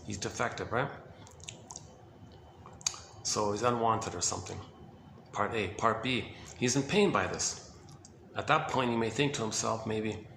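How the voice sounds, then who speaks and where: A man's voice: on the low side, measured pace, vocal fry, long pauses, fairly bright tone, roomy sound, slight background noise. A man giving an informal lecture on psychoanalysis, talking emphatically with lots of repetition and fillers.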